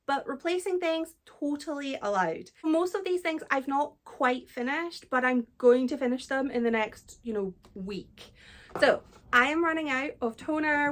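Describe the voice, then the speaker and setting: A young woman with a Scottish accent talks through her week in a loose, chatty way. Her voice sits high and she laughs easily, often poking fun at herself. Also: a bit bright. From Scotland. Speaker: book vlogger. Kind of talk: casual vlog chat.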